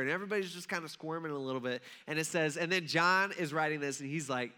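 Guy preaching super casual, high bright voice, keeps acting out the characters. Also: fast talker, hardly any pauses, clean tone. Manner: chatty, acts out characters, many fillers like "like". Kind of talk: casual storytelling sermon.

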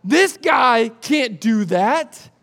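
Guy preaching a sermon, really high voice, acts out all the bits. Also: very slow, gravelly. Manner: animated storytelling with jokes and acted voices. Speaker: pastor.

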